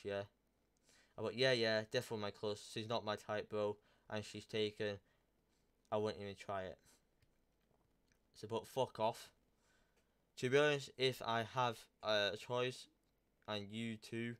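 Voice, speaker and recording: A man's voice: on the low side, fairly bright tone, smooth. A young man telling a story in a crude, rambling way, reading out text messages with plenty of swearing. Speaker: YouTuber. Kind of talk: casual storytelling, reading out texts.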